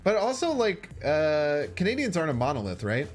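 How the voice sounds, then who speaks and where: A man with a Chicago accent chats through a card game on stream, mulling over his plays and answering his viewers as he goes. His voice rises and falls a lot, with soft game music under it. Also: fairly high pitch, huge pitch swings, fairly quick. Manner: chatty, thinks aloud and talks to chat. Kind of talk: casual gaming stream commentary.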